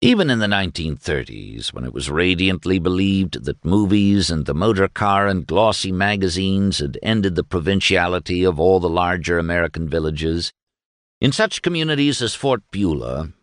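A man narrating a novel in a measured, literary storytelling style. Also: sits low, animated, no echo, clean studio sound. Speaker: audiobook narrator. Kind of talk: scripted narration.

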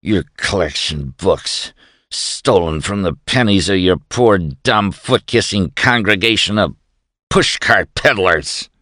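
A man voicing a drunken male official who jeers and shouts insults in a high, slow, slurring voice. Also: animated, no room sound, studio quality, exaggerated voice. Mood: shrieking. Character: drunken bullying male official, loud and sneering.

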